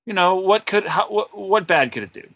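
A man's voice: sits high, expressive, a little fast, fairly bright tone, no room sound, lo-fi sound. A man on a podcast as a guest, telling a rambling, self-deprecating story full of fillers. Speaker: podcast guest, wrestler and musician. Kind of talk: casual interview storytelling.

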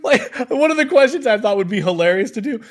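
A man's voice: very high voice, lively intonation, fast talker. A man co-hosting a podcast, joking and telling stories in casual chat. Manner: joking, laughs easily, storytelling. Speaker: podcast co-host.

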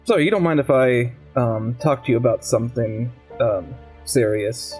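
Male player in character, mid-pitched, hesitant and halting delivery, faint music bed. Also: darkish tone. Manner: hesitant, halting, many ums and restarts. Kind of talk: in-character role-play.

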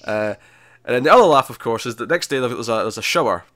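A man hosting a podcast, retelling a TV episode in casual chat, animated and laughing, with many fillers and restarts. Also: medium pitch, fast talker, dry recording, clean studio sound. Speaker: podcast host reviewing a TV episode.

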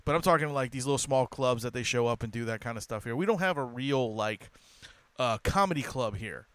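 A man's voice: medium pitch, brisk, fairly bright tone, clear, resonant tone, no echo. A man hosting a podcast from New Orleans, chatting casually and swearing freely with lots of fillers. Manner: laid-back, swears freely, many fillers. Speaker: podcast host.

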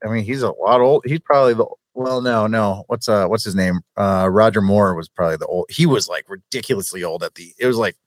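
A man in a casual chat, jokey and animated, often restarting sentences. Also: on the low side, fairly quick, hardly any pauses, dry recording.

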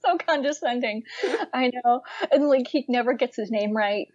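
A young woman in casual chat about books and films, lively and giggly, full of fillers. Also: a little high, moderate pace, no echo, lo-fi sound.

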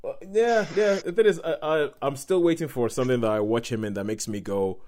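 A man's voice: mid-range voice, brisk, darkish tone. Chatty male host steering a film chat. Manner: chatty, leads the talk with questions. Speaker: podcast host. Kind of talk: casual chat.

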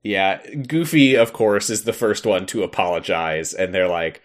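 A man with a fairly low voice co-hosts a casual podcast, walking through a video game's story. He laughs often and slips into silly character voices whenever he quotes someone. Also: moderate pace, few pauses. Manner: laughs often, puts on cartoon voices when quoting. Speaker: podcast co-host. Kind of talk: casual game recap chat.

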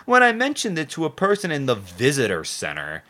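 Sarcastic swearing man with a lively voice. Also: on the high side, fairly quick. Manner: sarcastic, rambling, swears a lot. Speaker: podcast host. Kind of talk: casual profane local-news chat.

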